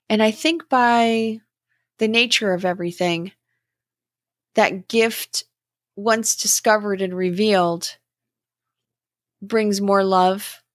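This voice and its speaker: A middle-aged woman hosting a podcast, speaking in a slow, gentle and contemplative way about spiritual growth. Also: mid-range voice, no room sound, studio quality. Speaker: podcast host. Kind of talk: reflective spiritual talk.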